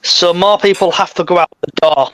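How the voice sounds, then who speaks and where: A man's voice: high-pitched, fairly even intonation, a little fast, a bit bright, low-quality recording. A man hosting a casual football fan podcast, steering the talk and swearing bluntly. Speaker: podcast host.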